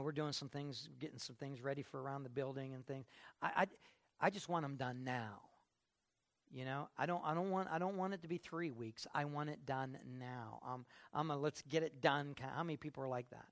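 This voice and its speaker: Gravelly, emphatic preacher man. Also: on the high side. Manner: emphatic, swings from quiet to loud. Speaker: pastor. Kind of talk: sermon.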